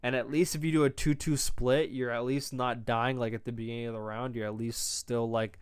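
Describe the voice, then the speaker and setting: A man's voice: medium pitch, fairly quick, smooth, dry recording. Swearing young man streaming esports. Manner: loose, profane, slangy chatter, calls his own voice monotone. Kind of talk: casual esports stream commentary.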